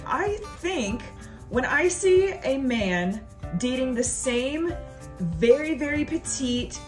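Young woman, stand-up comedian, sassy and playful, drawn-out words, faint music behind. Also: high voice, big pitch swings. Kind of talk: casual comedic monologue to camera.

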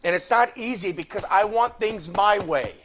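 High-voiced fervent preacher man. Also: moderate pace, slight background noise. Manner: rises into fervent shouted pleading, then drops low. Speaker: pastor. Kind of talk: Bible study sermon.

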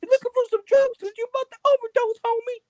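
A man doing a squeaky little street thug. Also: steady tone, fast, a little mellow, no echo, clean studio sound. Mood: menacing swagger. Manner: threatening swagger, street slang. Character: tiny tough-talking street gangster, high-voiced.

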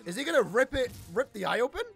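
A man hosting an anime reaction video, reacting loudly with shouts and drawn-out cries, then recapping in a calmer, rambling way. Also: extremely high pitch, vocal fry, faint music behind. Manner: hyped, shouts and stretches out words in dismay. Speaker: anime reaction channel host. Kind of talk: excited anime reaction commentary.

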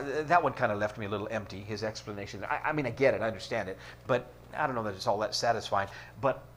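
Male pastor, mid-pitched, conversational teaching with wry asides; faint hum on the track. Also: a bit bright. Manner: conversational, joking asides, reads passages aloud. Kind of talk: teaching a church book study. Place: church room.

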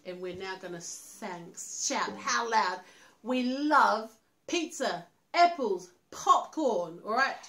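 A woman's voice: on the high side, expressive, takes it slowly, bright, forceful tone. A New Zealand woman presenting a sing-along for preschoolers, cheerfully calling out questions to young children. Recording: roomy sound with guitar music.

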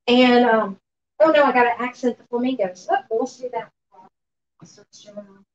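A woman running a live painting demo in her art studio, relaxed and often murmuring to herself as she works. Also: on the high side, moderate pace, dull audio. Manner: relaxed, talks to herself while working, often quiet and off-mic. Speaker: painting instructor.

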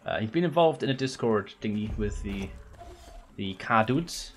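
A man's voice: on the low side, expressive, normal speed, faint music behind. A young man streaming a video game, joking, swearing and chatting to his viewers. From Wales. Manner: sweary, joking, talks to chat. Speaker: gaming streamer. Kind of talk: casual let's-play commentary.

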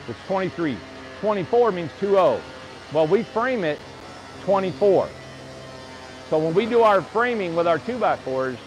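A man's voice: high-pitched, slight background noise. A man building tiny homes, casually teaching window trim step by step in his shop, wearing a clip-on mic. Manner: chatty, joking, explains step by step. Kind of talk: casual hands-on tutorial.

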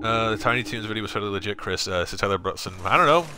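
A man's voice: on the low side, lively intonation, racing, sharp tone, a little hiss or hum. A man hosting a casual gaming stream from his apartment, rambling, swearing freely, and reading viewer comments aloud. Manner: profane, rambling, reads chat aloud. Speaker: game streamer and host. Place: home apartment.

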